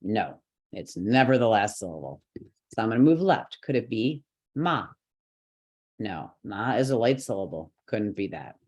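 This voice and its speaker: A man's voice: lowish voice, very animated, measured pace, darkish tone. A man teaching a chant lesson online, explaining the rules patiently step by step, with light laughs now and then. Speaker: yoga and mantra teacher.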